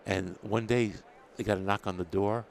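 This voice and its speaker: A man's voice: on the low side, moderate pace, vocal fry, slight background noise. An older man from New York City, a dental technology editor, telling stories in a casual interview and acting out the people he quotes. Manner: animated storyteller acting out quoted exchanges, laughs often. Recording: faint ambience at a trade show.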